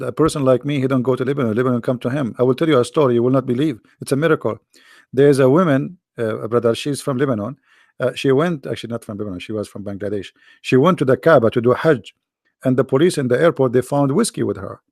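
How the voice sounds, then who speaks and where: Gravelly-voiced man joking around. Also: mid-range voice, quick pace, darkish tone, no echo, studio quality. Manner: teasing, rambling, non-native phrasing. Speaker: chat room speaker. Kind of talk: joking comedic chat.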